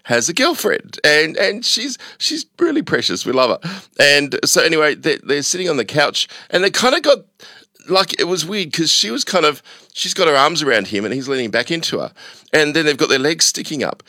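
Middle-aged male radio host, animated storyteller, bright tone, close dry studio mic. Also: normal speed, dry recording. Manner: animated storytelling, voice jumping high when embarrassed. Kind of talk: casual radio chat. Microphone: studio microphone.

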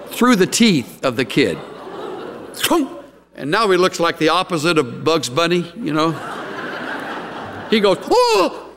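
A man's voice: a little high, a little hiss or hum. A man preaching a sermon as a pastor, telling stories with laughs and acting out lines. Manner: animated storytelling with laughs and acted-out lines. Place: church sanctuary. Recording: echoey hall.

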